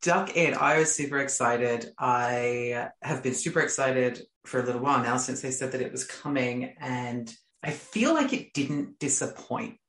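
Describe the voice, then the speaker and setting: A man's voice: medium pitch, moderate pace, hardly any pauses, a bit bright, reverberant. A man co-hosting a podcast in casual chat, teasing and joking in a camp way. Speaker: podcast co-host.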